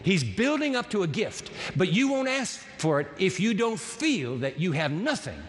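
A male pastor preaching through a Bible passage, telling it as a lively story with asides to the congregation. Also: sits high, normal speed. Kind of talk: sermon. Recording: long hall reverb.

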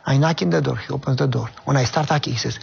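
A man, a minister speaking English as a second language, telling an animated story in an interview and acting out the voices he quotes. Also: medium pitch, racing, creaky, husky, dull audio. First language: not English. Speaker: guest minister.

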